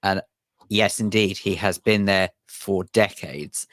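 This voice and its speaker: A man's voice: deep voice, slow pace, a bit bright, no echo. A man co-hosting a radio show, reading listener messages and adding wry comments. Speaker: radio co-host. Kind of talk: radio chat. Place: radio studio. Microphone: studio microphone.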